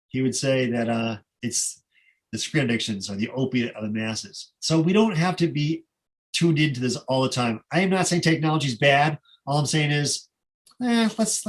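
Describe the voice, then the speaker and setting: A middle-aged man giving a casual slide presentation, conversational and rambling, with many fillers and asides. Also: mid-range voice.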